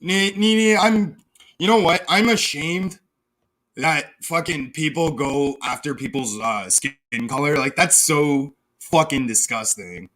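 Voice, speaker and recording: A man's voice: a little high, animated, unhurried, pushed and bright. A young man from Canada ranting mockingly on a casual livestream, swearing and laughing at his own jabs. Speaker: live streamer.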